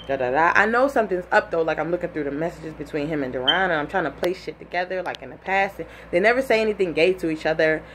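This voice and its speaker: Young woman, casual storytelling, animated, lowish voice, faint background hiss. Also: fast, hardly any pauses. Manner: animated, with frequent "like" and acted-out quotes.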